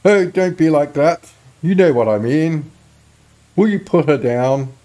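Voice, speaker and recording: A man's voice: on the high side, lively intonation, a little slow, mellow. A man putting on a fretful village man. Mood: pleading. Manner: earnest, pleading. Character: worried middle-aged village man, fussy and chatty. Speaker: game character read aloud.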